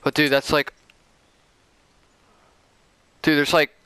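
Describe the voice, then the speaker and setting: Smooth-voiced young man chatting mid-game. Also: a little high, fast talker, dry recording. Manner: excitable, says "dude" and "bro" a lot. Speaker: gamer. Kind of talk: casual gameplay chat with a teammate.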